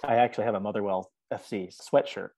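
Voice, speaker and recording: A man with a lowish voice chats as a musician guest on a podcast. He talks earnestly and easily, breaking into laughter now and then. The recording is dry and close, with no room sound. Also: fast, warm tone, no room sound. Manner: earnest, chatty, laughs often. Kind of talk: casual interview chat.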